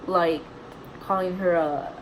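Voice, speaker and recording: A woman's voice: on the low side, steady tone, slow, slight background noise, low-quality recording. A young woman vlogger casually retelling a story, chatty and indignant, full of "like"s.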